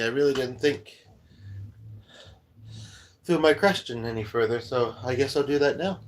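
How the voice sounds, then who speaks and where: A man's voice: mid-range voice, a bit bright. Rambling man chatting casually. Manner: hesitant, many ums and restarts, chuckles often. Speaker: host of a music and chat stream.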